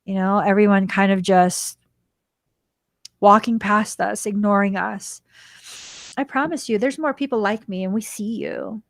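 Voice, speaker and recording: A woman's voice: mid-range voice, dry recording, clean studio sound. Heartfelt woman podcast host. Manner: emotional, animated retelling with quoted dialogue. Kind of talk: heartfelt storytelling.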